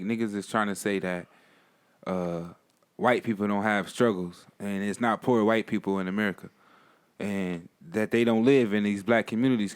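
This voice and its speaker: A man's voice: lowish voice, clear, resonant tone. A man speaking earnestly and in slang in a casual podcast debate, drawing on his own experience. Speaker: podcast co-host.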